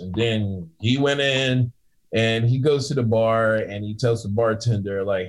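A man telling a story from his work as a bouncer in casual chat, acting out both sides with lively shifts in voice. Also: fairly low pitch, unhurried, poor audio. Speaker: guest bouncer.

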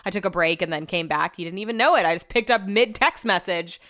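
A woman's voice: lowish voice, fast, a bit bright. A young woman hosting her own podcast, telling rambling, self-deprecating stories in a casual chat. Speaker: podcast host. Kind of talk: casual solo podcast monologue.

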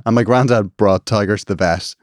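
A man's voice: fairly low pitch, a little fast, no echo. Wry Irish man, dry podcast mic. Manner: wry, teasing, laughs at his own jokes. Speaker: podcast co-host. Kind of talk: casual chat.

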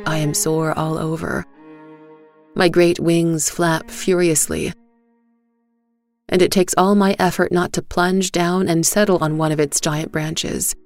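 Slow, gravelly-voiced woman storyteller. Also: low-pitched, a little mellow. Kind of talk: first-person story narration.

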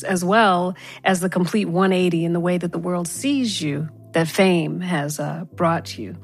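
A woman hosting a podcast, reading a scripted opening and then asking a guest a long, reflective question. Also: on the low side. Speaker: podcast host.

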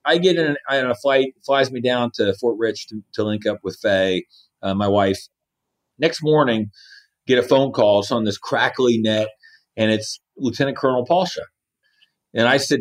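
Speaking at a moderate pace in a mid-range voice, this Army division commander in his fifties earnestly shares personal stories in an interview. He performs the lines he quotes as he goes.

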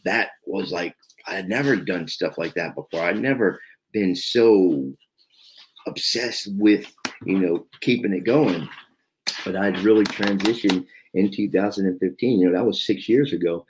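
Low-voiced man in his fifties from South Jersey, halting confessional guest storyteller, lots of fillers. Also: slight background noise, low-quality recording. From South Jersey, USA. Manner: halting, repetitive, many "you know" fillers. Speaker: podcast guest in recovery.

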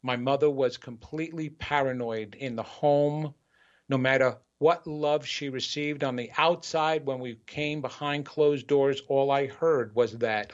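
An earnest man delivers a motivational spiritual talk as a show host, circling back to key phrases for emphasis. His mid-pitched voice comes through a dull, lo-fi recording. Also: fairly even intonation, measured pace. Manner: earnest, repetitive, building emphasis.

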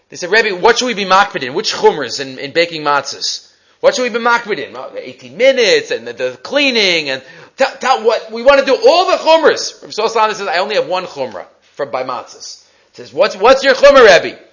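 A man teaching a Torah class, reading Hebrew texts aloud and retelling stories with animated quotes. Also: high voice, lo-fi sound.

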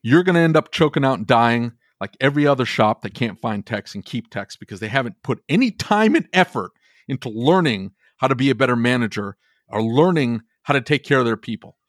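A man's voice: medium pitch, expressive, fairly quick, no echo, clean studio sound. A man co-hosting a podcast, talking in an exasperated, heated way and swearing casually. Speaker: podcast co-host. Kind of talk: animated ranting podcast conversation.

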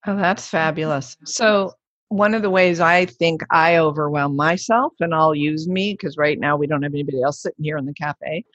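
A woman's voice: deep voice, moderate pace, dry recording. A woman host chats with her guest in a chatty, eager way. Her voice comes through dry and a little dull, with no room sound. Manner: enthusiastic, chatty. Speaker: podcast host. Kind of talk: conversational interview.

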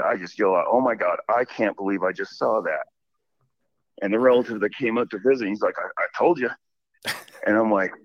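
A man calling in to a show, telling a story in a rambling, animated way. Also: fairly low pitch, dry recording. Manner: rambling, animated retelling with many "I'm like" asides. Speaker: caller. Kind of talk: casual storytelling. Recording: muffled phone call.

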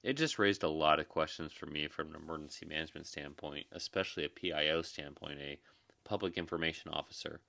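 Tired young guy podcasting, super low gravelly voice, dry close sound, earnest and rambly. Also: fast talker, sharp tone, dry recording. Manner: earnest, reassuring, rambling with many fillers. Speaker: podcast host, emergency manager. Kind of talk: casual podcast monologue.

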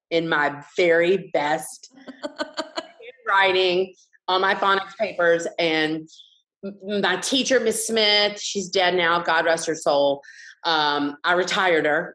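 A woman's voice: lowish voice, rough recording. Profane, frank woman spinning stories. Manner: frank, profane, animated storyteller. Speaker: guest artist. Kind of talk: casual podcast chat, storytelling.

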